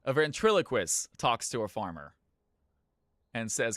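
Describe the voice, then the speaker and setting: A man's voice: medium pitch, sing-song, a little slow, pauses often, fairly bright tone, no echo. A young man streaming, telling jokes in a loose, rambling way. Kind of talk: casual joke-telling on stream.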